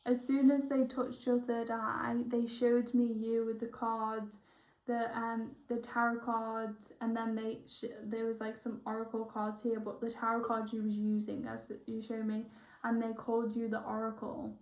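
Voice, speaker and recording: A young woman, a spiritual healer chatting excitably through a one-on-one session, rambling and correcting herself as she goes. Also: on the high side, unhurried. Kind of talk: casual one-on-one session chat. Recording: roomy, dull lo-fi sound.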